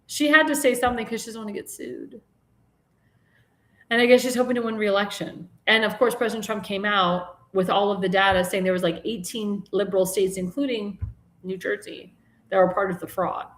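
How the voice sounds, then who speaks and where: A woman's voice: mid-range voice, a bit bright, roomy sound. A woman hosting a live political talk show, chatting in a rambling way with many restarts and fillers, and turning mocking and indignant about politics. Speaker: host.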